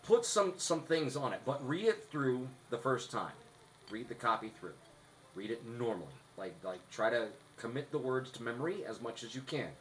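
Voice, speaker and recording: A man's voice: mid-range voice, big pitch swings, moderate pace, slight background noise, rough recording. A man co-hosting a podcast, explaining rehearsal tips in a casual, instructive way. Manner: instructive, restarts often. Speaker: podcast co-host.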